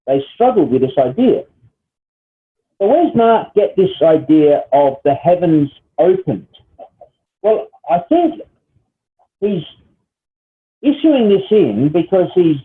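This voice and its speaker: A man's voice: fairly high pitch, sing-song, slow pace, pauses often. A man teaching a Bible study lesson, explaining step by step and often checking in with "all right?" and "okay?". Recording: tinny phone-like sound.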